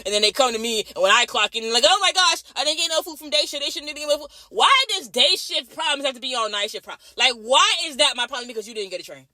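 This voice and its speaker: A woman's voice: mid-range voice, pushed and bright, dry recording. A young woman who works as a night-shift nurse, ranting in a vlog. She is blunt, swears heavily and keeps repeating herself. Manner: blunt, repetitive, heavy swearing.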